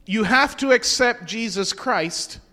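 A man preaches slowly in an extremely high, bright, forceful voice. He quotes scripture in King James wording and asks his congregation questions, and the recording carries the long reverb of a hall.

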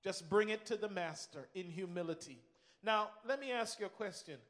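A man's voice: sits high, normal speed, a bit bright, long reverb tail. A man preaching a sermon with emphasis. He repeats key phrases and acts out the voices he quotes.

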